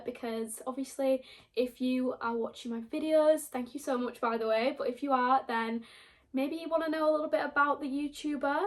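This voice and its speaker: A young woman book YouTuber chatting casually to camera, rambling a little and laughing between thoughts. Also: high-pitched.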